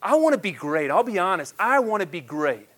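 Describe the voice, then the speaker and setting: Male pastor in his thirties, high-pitched, emphatic sermon delivery with loud peaks and soft asides. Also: big pitch swings, a little fast. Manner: emphatic preaching that swings between loud declarations and hushed asides.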